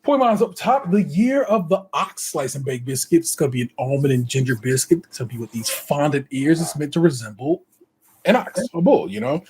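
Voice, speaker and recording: A man's voice: on the high side, expressive, brisk, a little mellow, breathy edge. A man co-hosting a podcast, running through notes in casual, slang-heavy banter and laughing often. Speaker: podcast co-host. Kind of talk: casual chat.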